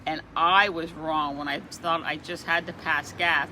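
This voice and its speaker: A woman with a bright, forceful voice tells funny stories and leaps up in pitch for each character. Faint traffic noise is heard behind her. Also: measured pace. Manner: expressive, acts out the quoted voices with big pitch jumps. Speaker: joke teller. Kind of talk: storytelling jokes.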